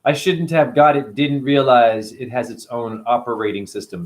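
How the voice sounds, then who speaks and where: A man's voice: mid-range voice, fairly even intonation, moderate pace. A middle-aged man hosting a spiritual livestream, ranting in a profane, preachy way and answering his chat.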